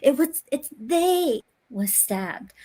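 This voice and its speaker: Woman doing a prissy dying stab victim from a spoof ad, raised pitch, fussy and indignant. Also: lively intonation, slow, warm tone. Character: dying stabbed woman correcting her pronouns.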